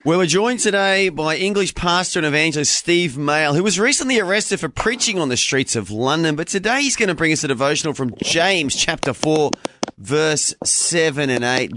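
A man's voice: a little high, lively intonation, moderate pace, sharp tone. A man hosting a Christian morning TV show, introducing and questioning a guest in a friendly, conversational way. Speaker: host. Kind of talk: Christian TV interview.

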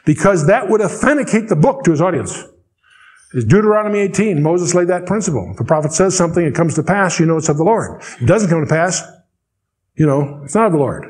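A man's voice: high voice, animated, darkish tone. Older man teaching scripture, dry humor. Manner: reads scripture slowly, then explains with dry asides. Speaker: Bible teacher. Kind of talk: verse-by-verse Bible teaching.

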